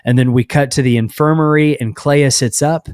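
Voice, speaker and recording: A man co-hosting a podcast, recapping a show's plot in a steady, casual way with fillers. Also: medium pitch, normal speed, clear, resonant tone, no room sound, clean studio sound. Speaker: podcast co-host.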